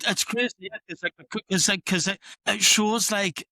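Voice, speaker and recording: A bright, fairly high-voiced man chats about films on a podcast. He rambles through his points with repeated words and asides. The recording is close and dry. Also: fairly even intonation, moderate pace, creaky, no room sound. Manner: chatty, rambling, laughs at own jokes. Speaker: podcast co-host. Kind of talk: casual film discussion.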